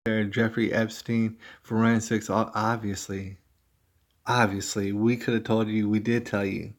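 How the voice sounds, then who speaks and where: Low-voiced man rambling on a livestream. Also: level tone, measured pace. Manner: rambling, conversational, addresses viewers as y'all. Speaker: livestream host. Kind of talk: casual rambling livestream commentary.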